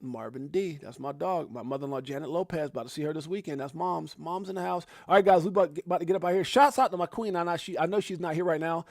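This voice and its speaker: A man hosting a casual live stream, hyped and effusive, giving one shout-out after another to people watching. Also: fairly high pitch, fast, creaky, few pauses, no room sound, clean studio sound. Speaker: livestream host. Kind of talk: casual live-stream chat reading out viewer names.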